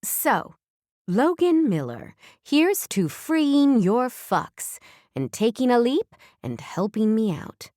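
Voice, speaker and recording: A woman's voice: fairly high pitch, sing-song, slow pace, a little mellow, no echo, voice pushed up. A woman voicing a confident, brash female boss in an audiobook, speaking bubbly and bossy in a dry, close recording. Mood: exuberant.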